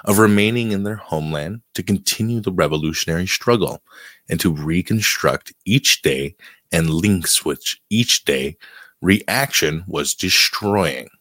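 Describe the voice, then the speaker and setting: Male podcast co-host, low and dry, casual talk with halting read-alouds. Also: a bit bright, dry recording. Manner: reads text aloud haltingly, stumbling on words. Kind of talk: casual political podcast chat and reading aloud.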